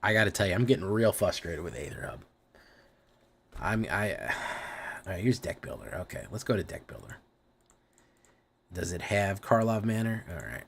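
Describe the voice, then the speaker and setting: A man's voice: deep voice, sing-song, moderate pace, vocal fry, pauses often, a little hiss or hum. A man streaming live, chatting casually with viewers, rambling and swearing freely.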